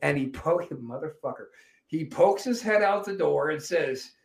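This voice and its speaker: A man telling profane, animated stories as a guest in a casual chat. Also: a little high, unhurried, gravelly. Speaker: wrestling promoter guest.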